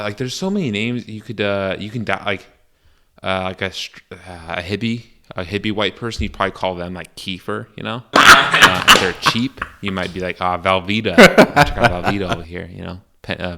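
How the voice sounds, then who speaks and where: A man's voice: sits low, vocal fry, pushed and bright. A young man hosting a podcast alone, rambling crudely in a casual monologue full of fillers and restarts. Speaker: podcast host.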